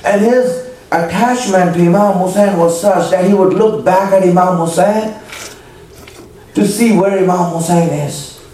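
A man's voice: high-pitched, measured pace, warm tone, recorded from a distance. A man preacher telling a story in a sermon, emotional and dramatic, acting out quoted speech. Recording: echoey hall, voice from afar, faint noise.

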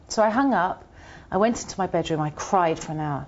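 A woman being interviewed, telling a personal story in an earnest, halting way with many restarts. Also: lowish voice, expressive, a little mellow. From United Kingdom. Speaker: interview guest. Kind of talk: reflective personal account. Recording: muffled, dull audio.

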